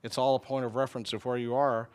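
A man's voice: medium pitch, little pitch movement, fast talker, darkish tone, clean tone. A middle-aged man with a Southern US accent, a pastor preaching a conversational, folksy sermon and asking the congregation questions.

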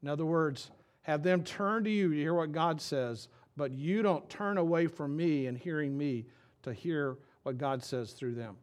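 A middle-aged man preaching a sermon, reading scripture dramatically and dropping to a quiet, intimate tone. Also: fairly high pitch, moderate pace. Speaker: pastor.

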